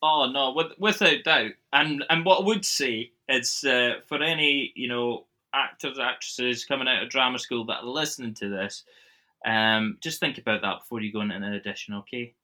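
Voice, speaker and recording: A man hosting a podcast, chatting casually with friendly banter and quick laughs. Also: medium pitch, bright, forceful tone. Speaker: podcast host.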